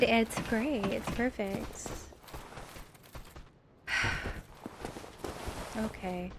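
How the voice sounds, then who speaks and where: A woman's voice: on the high side, slight background noise. A woman streaming a video game live, commenting as she plays, nervous and swearing, talking to the enemies on screen and laughing at her own fear.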